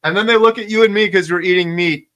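A man's voice: sits high, fast talker, sharp tone. A man hosting a casual interview chat, talking with emphatic enthusiasm and repeating words for stress.

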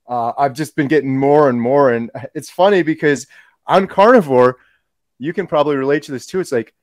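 A man's voice: on the high side, dry recording. Enthusiastic male host, dry close sound. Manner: enthusiastic, emphatic. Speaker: host, homesteading video creator. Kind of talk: casual interview chat.

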